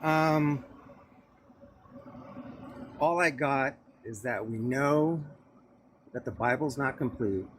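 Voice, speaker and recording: A man's voice: mid-range voice, slow pace, long pauses, a little hiss or hum. A man calling in to a live stream, giving short, blunt answers. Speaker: caller. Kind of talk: casual call-in debate.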